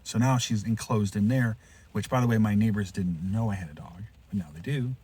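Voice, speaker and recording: A man hosting a podcast, telling a rambling pet story in a casual way, restarting often and jumping into loud, high voices when he quotes someone. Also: brisk, background noise. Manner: rambling, with frequent restarts and asides. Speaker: podcast host.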